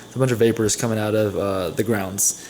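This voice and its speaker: A man's voice: fairly low pitch, steady tone, brisk, a little mellow, a little hiss or hum. Chatty young man, rambling vlog talk. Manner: chatty, rambling, self-correcting. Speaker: vlogger. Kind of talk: casual vlog narration while cooking. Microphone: camera mic.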